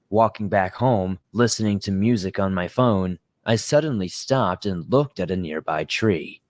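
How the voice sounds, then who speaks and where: A man reading a creepy first-person story aloud in a steady, measured narration. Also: lowish voice, dry recording.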